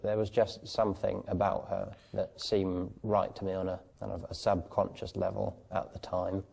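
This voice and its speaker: A man speaking calmly and haltingly in a documentary interview. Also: sits low, vocal fry, breathy edge.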